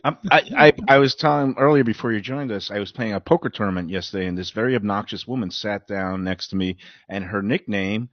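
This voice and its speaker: A man's voice: fairly low pitch, a little fast, hardly any pauses, no room sound. A man hosting a talk show, asking upbeat questions in casual chat. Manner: chatty, laughing, upbeat questions. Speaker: host. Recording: dry dull lo-fi audio.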